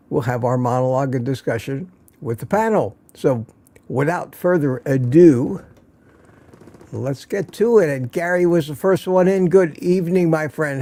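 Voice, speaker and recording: Chatty man hosting a warm-toned livestream. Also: fairly high pitch, dry recording. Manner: chatty, greets viewers by name with small jokes. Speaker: livestream host. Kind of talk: casual livestream chat.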